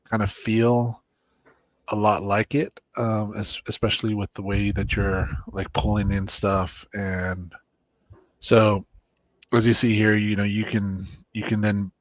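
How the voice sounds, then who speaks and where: A man hosting a casual chat while walking through a software demo, rambling with restarts and fillers. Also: fairly low pitch, level tone, measured pace, dry recording, highs cut off. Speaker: co-host demoing software. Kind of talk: casual screen-share chat.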